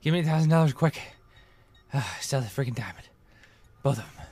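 Lively grumbling male gamer. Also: medium pitch, fairly quick. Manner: grumbling, sarcastic, talks to the audience. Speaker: let's play gamer. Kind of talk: gameplay commentary.

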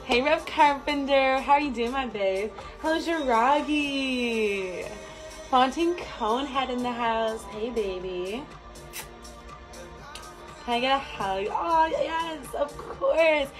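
A woman's voice: sits high, animated, slow, rough recording. A woman hosting a casual livestream, greeting viewers one by one with flirty, affectionate pet names. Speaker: livestream host. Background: music playing.

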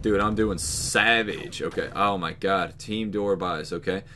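A man hosting a gaming channel, giving let's play commentary with excitable, swearing outbursts. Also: sits low, measured pace, a little hiss or hum.

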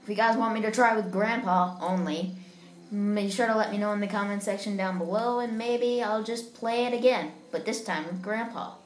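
A woman's voice: medium pitch, steady tone, normal speed. Woman gaming host, chatty and giggly, roomy recording. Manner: chatty, giggly, talks to viewers. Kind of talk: casual let's-play commentary.

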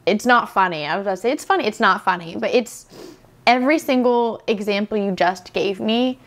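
A woman's voice: medium pitch, brisk, fairly bright tone. Emotional woman host telling a story. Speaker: podcast host. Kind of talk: conversational interview.

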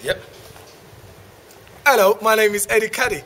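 Playful high-pitched comedian. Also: male voice, normal speed, sharp tone. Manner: rambling, playful riffing with silly asides. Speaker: stand-up comedian. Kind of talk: improvised comic promo to camera.

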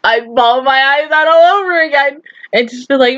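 At a normal speed, a young woman with a high, somewhat bright voice gives a casual, emotional anime reaction full of swearing and laughter, holding back tears at moments. The lo-fi recording has no room sound.

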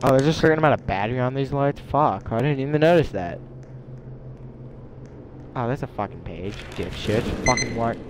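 Young man, live game commentary, excitable, swearing, average pitch, noisy recording. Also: moderate pace, pauses often. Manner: excitable, swearing, whiny complaints at other players. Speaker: gamer.

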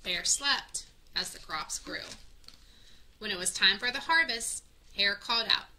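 A woman's voice: mid-range voice, animated, measured pace, pauses often, bright, forceful tone, rough recording. A woman reading a children's picture book aloud, stopping to add friendly teaching asides. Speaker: children's story reader.

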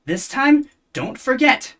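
A gamer talking to themself while playing, with dry, sarcastic asides and quiet muttering. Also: high-pitched, sing-song, takes it slowly. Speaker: let's play gamer. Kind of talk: casual gameplay commentary.

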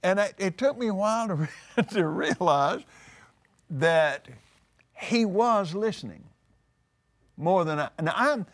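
An older man, teaching on a talk show, emphatic and animated, repeating words for force. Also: high-pitched, slow pace, pauses often. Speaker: preacher. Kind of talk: conversational teaching.

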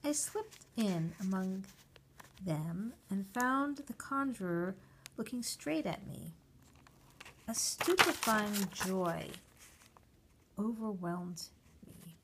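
A woman reading a short story aloud, slowly and deliberately, giving the characters' lines their own voices. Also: mid-range voice, lively intonation, noisy background. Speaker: reader.

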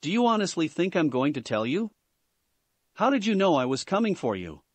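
A man's voice: on the high side, very animated, brisk, no room sound. A man reading the lines of a sarcastic, cool-headed young male warrior mocking his opponent. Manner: mocking, dry wit.

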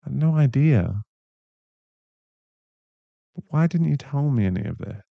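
A young man in a whispered role-play, voicing a caring, protective boyfriend who speaks softly and reassuringly, with a gravelly voice. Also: medium pitch, very animated, no room sound, muffled recording. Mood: tender. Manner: soft, reassuring, slow-spoken. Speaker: ASMR voice actor.

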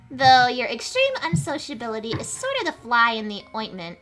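Brief: gentle devoted girl, read by a woman, soft and earnest, high and lively. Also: moderate pace, soft background music. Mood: fond. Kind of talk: fan voice-over of game dialogue.

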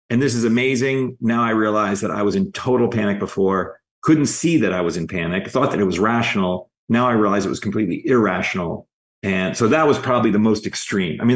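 A man working as an executive coach, telling stories in a podcast interview and acting out the dialogue in them. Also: fairly low pitch. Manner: lively anecdotes, re-enacting dialogue in quotes.

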